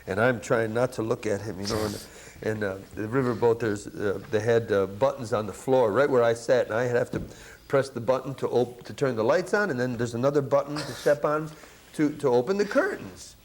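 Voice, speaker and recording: A middle-aged man from Buffalo, New York, a jazz saxophonist telling lively anecdotes in a casual interview, laughing and acting out what others said. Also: medium pitch, brisk. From Buffalo, New York, USA. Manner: animated, laughing storyteller who acts out quotes. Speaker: guest musician, jazz saxophonist.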